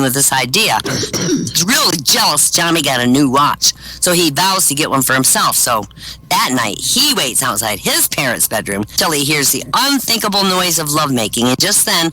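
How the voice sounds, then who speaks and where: Lively, bright-voiced man telling jokes. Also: fairly high pitch, low-quality recording. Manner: chuckles at own punchlines, animated storytelling. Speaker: comedian at an open-mic show. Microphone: online voice chat.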